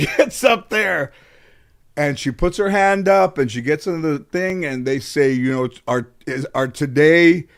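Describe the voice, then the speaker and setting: The interview guest, a middle-aged comedian from the LA area, has a smooth voice of medium pitch. He recounts growing up in a relaxed chat, doing his relatives' voices and swearing liberally.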